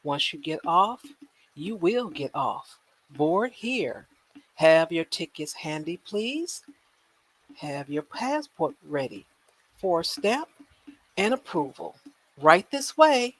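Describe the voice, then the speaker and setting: A woman's voice: lowish voice, very animated, takes it slowly, long pauses, breathy edge, dry recording, exaggerated voice. A woman playing a cheery airline gate agent and flight attendant in a comic livestream skit, sing-song and teasingly polite. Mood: mock-polite.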